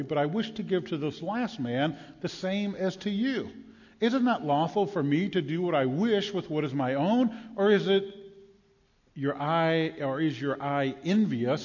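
Guy preaching a sermon, kinda high voice, muffled and echoey like a big church. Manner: animated, conversational preaching with acted-out quotes. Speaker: pastor.

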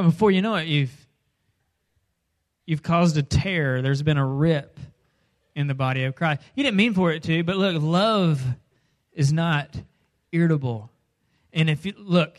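A sermon full of jokes comes from a middle-aged preacher whose voice sits mid-range. He mimics voices, stages small scenes, breaks suddenly into loud lines, and then settles again into plain storytelling.

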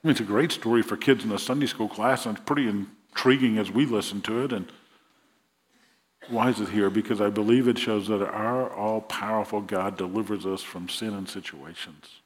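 A man's voice: lowish voice, steady tone, normal speed. Man preaching in a reverberant hall. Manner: storytelling preacher, voices the king's lines with rising emphasis. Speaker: pastor. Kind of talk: sermon.

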